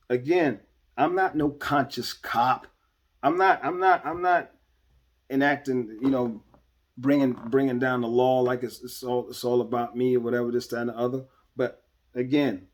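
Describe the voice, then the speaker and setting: A man hosting a podcast, talking to listeners in an earnest, emphatic, preacherly way, stressing key words and restarting phrases. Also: mid-range voice. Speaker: podcast host. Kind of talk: unscripted commentary monologue.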